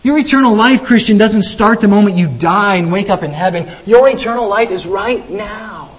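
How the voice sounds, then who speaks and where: Husky guy preaching a sermon, emphatic, keeps repeating himself. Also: high voice, moderate pace, poor audio. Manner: emphatic, repetitive, with restarts.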